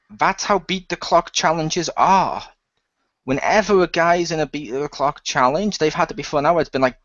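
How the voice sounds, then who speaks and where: A man's voice: fairly high pitch, fairly bright tone, dry recording. A man chatting on a podcast panel in a dry, sarcastic manner. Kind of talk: casual podcast chat. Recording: dull lo-fi dry sound.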